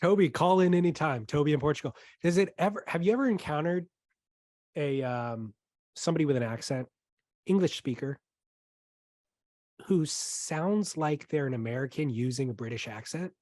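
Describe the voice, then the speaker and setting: A man co-hosting a podcast, chatting casually in a playful, animated way. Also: fairly high pitch, normal speed, dry recording. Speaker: podcast co-host. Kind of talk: casual chat.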